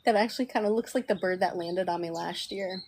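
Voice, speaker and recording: A woman coaching viewers on manifestation in a soft, affectionate live-stream talk, often sinking to near-whispers. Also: medium pitch, quick pace, a little hiss or hum. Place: outdoors.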